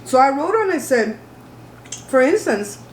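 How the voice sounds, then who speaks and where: A woman's voice: sits high, big pitch swings, moderate pace, slight background noise. Outspoken woman at home. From Belize. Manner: emphatic, outspoken storytelling. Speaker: host. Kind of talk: casual chat while eating. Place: home, at the table. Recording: roomy echo.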